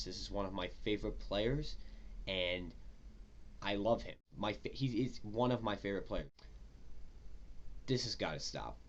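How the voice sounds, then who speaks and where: A man's voice: medium pitch, muffled recording. A man giving a casual, profane, exasperated rant as a football fan. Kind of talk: casual ranting commentary.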